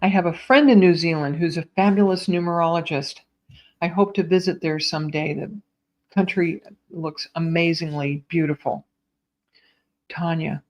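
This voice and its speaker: A woman giving live psychic readings to online viewers in a gentle, reassuring way, calling them sweetheart and my dear. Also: fairly low pitch, fairly even intonation, moderate pace. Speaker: psychic medium.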